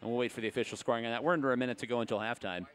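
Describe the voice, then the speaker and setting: A man's voice: medium pitch, steady tone, very fast, a little hiss or hum. A man announcing a roller derby bout live, chatty with asides and jokes, calling out to the crowd. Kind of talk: live sports commentary.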